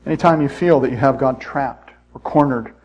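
A man's voice: mid-range voice, moderate pace, a little mellow, a little hiss or hum, rough recording. A man preaching a sermon in church, conversational and self-deprecating, with frequent asides to the congregation. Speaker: pastor.

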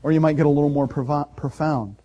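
Emphatic preaching man, slightly high voice. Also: steady tone, quick pace, highs cut off. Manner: emphatic, swinging from loud to soft; conversational storytelling. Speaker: pastor. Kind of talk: sermon.

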